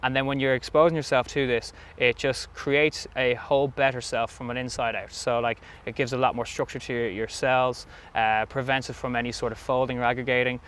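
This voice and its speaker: A man's voice: medium pitch, flat delivery, a little fast, few pauses, a bit bright, a little hiss or hum. A man with an Irish accent, a sauna business owner and guest, chatting enthusiastically with frequent fillers outdoors at a rugby club. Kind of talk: casual interview chat.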